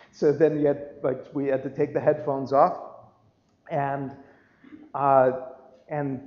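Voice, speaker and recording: A man's voice: mid-range voice, gravelly, a little mellow. A man preaching a sermon as pastor, telling a story in a conversational way, full of restarts. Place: church sanctuary. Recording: echoey church livestream, dull lo-fi sound.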